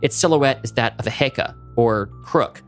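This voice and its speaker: A man co-hosting a podcast tells a monster story vividly at a table read. His pitch sits in the middle, and soft music plays faintly behind him. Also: normal speed. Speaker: podcast co-host. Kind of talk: script table read narration.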